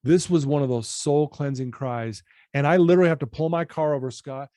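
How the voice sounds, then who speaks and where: A man in his fifties, a personal-development coach, telling a personal story to a podcast host in an earnest, animated way. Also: a little high, a little fast, no echo, studio quality.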